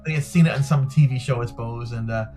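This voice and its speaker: Middle-aged male interview guest, animated storyteller who acts out dialogue, light music underneath. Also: medium pitch, fast. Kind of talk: recounting a personal story.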